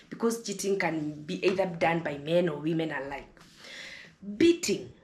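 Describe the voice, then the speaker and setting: A woman's voice: fairly low pitch, a little mellow, echoey room. A Kenyan woman vlogger speaking to camera in an impassioned monologue, fiery and preachy, often repeating words as she gets heated.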